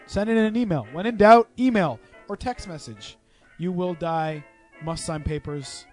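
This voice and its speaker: A man's voice: high-pitched, unhurried, soft background music. A man hosting a podcast, teasing his co-hosts with crude, profane jokes. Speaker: podcast host. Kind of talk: crude casual podcast banter.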